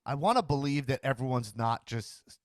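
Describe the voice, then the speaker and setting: A male podcast host keeps things casual, rambling with many restarts and stammered repetitions and performing other people's voices mid-sentence. His medium-pitched voice is expressive at a normal speed, in clean studio sound with no room noise.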